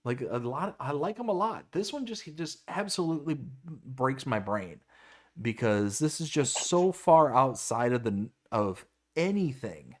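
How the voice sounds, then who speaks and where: A man's voice: medium pitch, lively intonation, normal speed. A man co-hosting a casual live stream, stammering and exasperated as he reacts and reads chat comments aloud. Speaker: livestream co-host.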